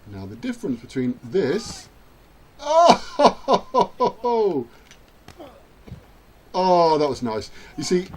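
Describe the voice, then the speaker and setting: A man's voice: on the high side, very animated, normal speed, few pauses, a little mellow, slightly rough. A man chatting his way through a rugby video game, self-mocking and now and then cheering at the screen. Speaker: gaming channel host. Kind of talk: let's-play commentary.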